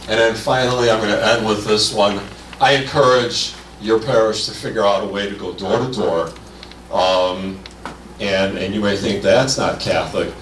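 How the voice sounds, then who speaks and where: A man's voice: fairly low pitch, fairly bright tone, a little hiss or hum. A man giving an upbeat, conversational keynote talk to a conference audience. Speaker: keynote speaker. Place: large conference hall. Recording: echoey hall, mic from a distance.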